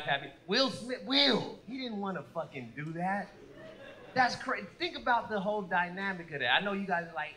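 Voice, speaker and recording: A man in his thirties doing an animated, profane stand-up set on a club stage, acting out other people's voices as he goes. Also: high voice, normal speed. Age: 30s. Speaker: stand-up comedian. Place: comedy club stage with a laughing audience. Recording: live club recording with audible room noise.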